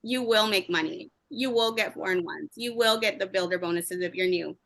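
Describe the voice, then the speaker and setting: A young woman sharing a candid, emotional story with her team in fast, chatty talk. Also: mid-range voice, gravelly, a bit bright, no echo. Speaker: team member sharing advice. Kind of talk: candid motivational chat.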